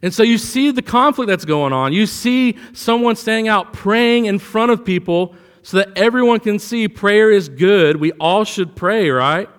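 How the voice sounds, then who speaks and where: A man's voice: sits high, unhurried, hardly any pauses, smooth, big-room sound. A man preaching a sermon in a conversational way, telling a personal story and rising for emphasis. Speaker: pastor.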